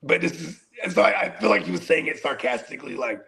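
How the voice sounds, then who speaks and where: Gravelly, animated fantasy-football co-host. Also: male voice, a little high, quick pace. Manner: animated storyteller, laughs at his own stories, slangy. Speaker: podcast co-host. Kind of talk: casual sports chat.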